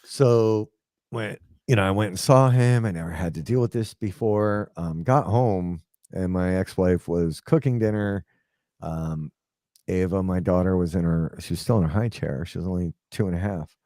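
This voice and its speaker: Recounting something that happened to him, a man in his forties talks at normal speed in a low-pitched, warm voice. He rambles, leans on fillers, and acts out what others said, recorded in a studio without echo.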